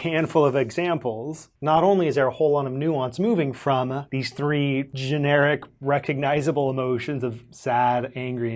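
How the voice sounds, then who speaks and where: A man explaining a book's ideas in a measured, thoughtful way, slowing down on key phrases. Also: mid-range voice, a little mellow. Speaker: channel host explaining books. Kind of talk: explanatory book summary narration.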